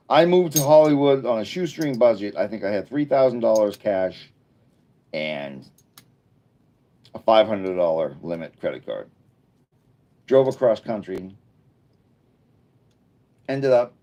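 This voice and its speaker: A man's voice: deep voice, dark tone. A middle-aged man hosting a casual livestream, chatting with viewers in a rambling, earnest and encouraging way, with frequent restarts. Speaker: livestream host.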